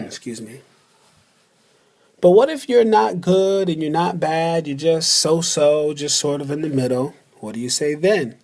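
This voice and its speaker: A man teaching a beginner language lesson over a slideshow, slow and deliberate, repeating words for the listener to practise. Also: on the high side, a little mellow.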